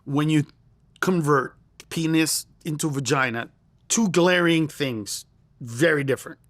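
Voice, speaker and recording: A middle-aged male comedian guest speaks at a measured pace in a slightly high, somewhat bright voice, telling a story in conversation. He acts out quoted lines with a raised voice and laughs throughout. No room sound is audible.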